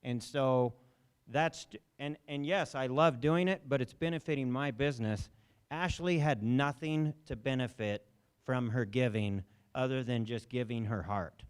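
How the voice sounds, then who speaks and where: A man's voice: mid-range voice, unhurried, smooth. A man emceeing a memorial service in a lecture hall, speaking into a handheld microphone and telling anecdotes, briefly mimicking voices in his quotes. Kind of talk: speaking to a gathering.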